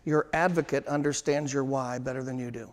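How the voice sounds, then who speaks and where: A man giving a sales training seminar to a live room, emphatic and slowing down to drive home his points. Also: mid-range voice, steady tone. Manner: emphatic, slows down to stress points. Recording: long hall reverb.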